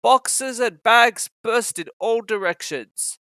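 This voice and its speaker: A man reading a children's storybook aloud, expressive and acting out every character. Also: high voice, slow pace, few pauses, smooth, dry recording. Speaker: narrator.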